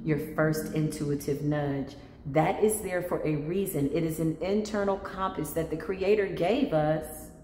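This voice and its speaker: Woman storyteller in an echoey room. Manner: animated, acts out callers in jumpy high voices; slow and soothing when giving spiritual advice. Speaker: intuitive spiritual practitioner. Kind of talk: spiritual storytelling vlog. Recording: echoey room with long reverb and faint noise.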